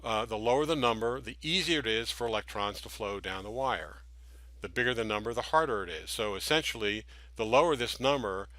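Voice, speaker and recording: Male instructor, bright tone, dry close sound, patient explainer with analogies. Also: lowish voice, dry recording. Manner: explains patiently with everyday analogies, frequent restarts. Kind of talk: classroom lecture with slides.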